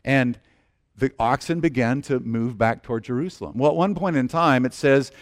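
A middle-aged man preaching a sermon, telling the story in a lively way and often restarting his sentences. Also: medium pitch, normal speed. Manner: animated storytelling with frequent restarts. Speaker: pastor.

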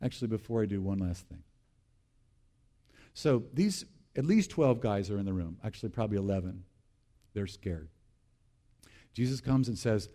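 A man's voice: fairly low pitch, animated, moderate pace, pauses often, dark tone. A male pastor preaching a sermon, repeating key phrases and calling on the congregation to respond.

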